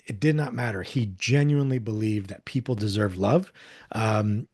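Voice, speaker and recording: A man's voice: fairly low pitch, normal speed, a little mellow. A man in his forties from upstate New York, a podcast guest telling heartfelt stories in a casual, earnest way. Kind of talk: casual conversational storytelling.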